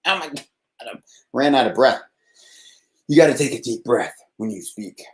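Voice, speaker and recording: A man's voice: medium pitch, moderate pace, roomy sound. A man from Texas hosting a live nightly call-in show, rambling and laughing as he talks casually. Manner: rambling, laughs often, swears. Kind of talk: casual live-stream monologue.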